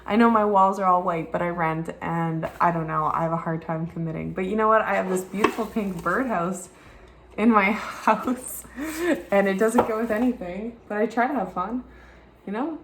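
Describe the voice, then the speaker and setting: A woman's voice: medium pitch, a little fast, noisy background. Rambling Southern woman in an echoey room. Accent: Southern American. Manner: rambling, frank, swears freely. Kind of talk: candid personal vlog talk. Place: rented home room with white walls.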